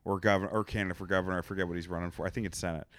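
A man's voice: deep voice, level tone, racing, fairly bright tone, dry recording. A man co-hosting a podcast, rambling profanely and acting out other people's lines. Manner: rambling, profane, acts out voices. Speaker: podcast co-host. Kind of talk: casual podcast banter.

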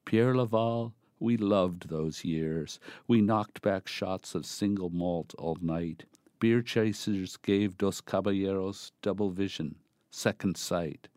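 A man reading a poem aloud in a measured, deliberate recitation. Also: low voice, darkish tone, no echo. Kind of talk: poetry reading.

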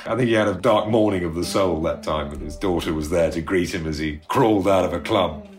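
A man's voice: sits low, fairly quick. A middle-aged man telling rambling, self-deprecating stories in a casual interview, laughing often. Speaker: actor recalling a show.

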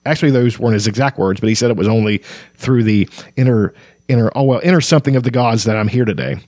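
A man's voice: mid-range voice, quick pace, a little mellow, no echo, clean studio sound, natural voice. A man reading aloud as a cheerful, scatterbrained young male kender who chatters on without noticing anyone else. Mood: solemn, rambling. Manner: chirpy, oblivious. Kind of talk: dramatic book reading.

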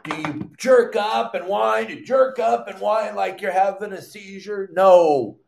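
An older man hosting a live fishing show, teaching in an animated, loud way with surfer slang. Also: high-pitched, unhurried, gravelly, echoey room, slight background noise. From Southern California.

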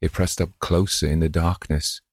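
Male audiobook narrator, deep and creaky, dry close mic. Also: level tone, moderate pace, no echo. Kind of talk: scripted narration.

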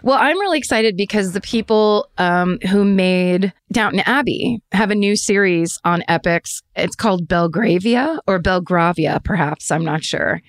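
A woman's voice: mid-range voice, a little slow, hardly any pauses, no room sound. A woman in her forties co-hosting a podcast from home over a video call, telling stories in a casual, laughing way. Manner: chatty storyteller, laughs often. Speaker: podcast co-host. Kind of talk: casual chat. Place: home room. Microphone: remote video call.

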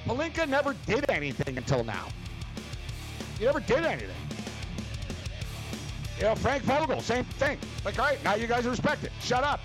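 A man's voice: very high-pitched, sing-song, moderate pace, long pauses, music in the background, poor audio. A man hosting a sports talk radio show, ranting sarcastically with lots of fillers.

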